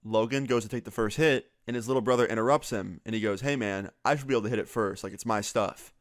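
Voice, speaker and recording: A young man casually telling a story, quoting his friends in quick back-and-forth with lots of "like" fillers. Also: lowish voice, dry recording, clean studio sound.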